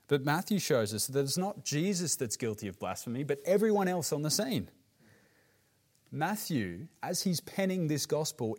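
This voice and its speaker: With a darkish tone, a man delivers a sermon as pastor in an Australian accent. He's earnest and emphatic, lowering his voice on weighty, grave words.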